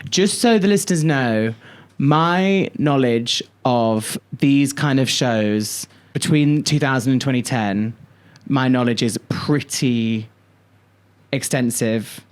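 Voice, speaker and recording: A male podcast co-host in loose, casual chat. He tells stories with animated energy, drawing out words for effect and swearing freely. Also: mid-range voice, slow, clear, resonant tone.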